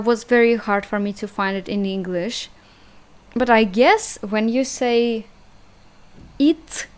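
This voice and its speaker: Pitched on the high side, a young woman with a Russian accent, Russian being her first language, chats her way hesitantly through an online language lesson. She repeats sounds slowly and laughs at herself.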